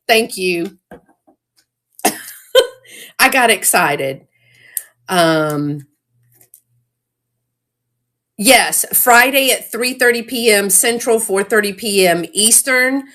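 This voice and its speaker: A woman hosting a casual live-stream sale, chatty and excitable, greeting viewers by name. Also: medium pitch.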